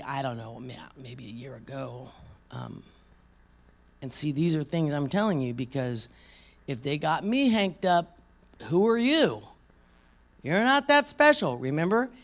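A woman preaching a sermon with a gravelly, fry-edged voice. She talks to the room conversationally, tosses out questions and slips into quoted voices as she tells it. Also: low voice.

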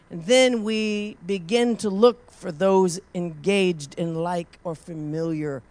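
A woman preacher telling a personal story in a sermon, moving from hushed storytelling to loud, impassioned praise. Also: on the low side, takes it slowly, few pauses.

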